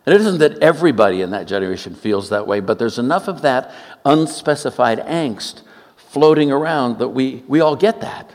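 A man in his seventies delivers a sermon, his voice rising and falling in lively swings as he tells funny stories. His pitch sits in a middle range, and he breaks into quick, joking asides. His voice carries through the long reverb of a large hall. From Oakland, California, US. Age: 70s. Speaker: preacher.

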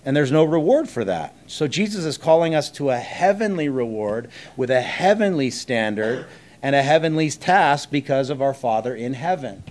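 Male pastor, mid-pitched voice, conversational sermon, rhetorical questions, deliberate pauses. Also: expressive, a little mellow.

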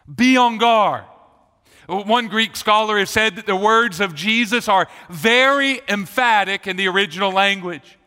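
A man's voice: high-pitched, pushed and bright. A male pastor preaching a sermon with emphatic repetition of key phrases, recorded in a church hall. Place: church sanctuary. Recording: long reverb of a church hall.

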